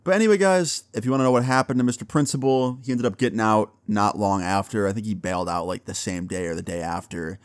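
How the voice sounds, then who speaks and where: A young man casually telling a personal story to his viewers, acting out the dialogue in an animated way and swearing now and then. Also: fairly low pitch, dry recording. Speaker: storytime vlogger.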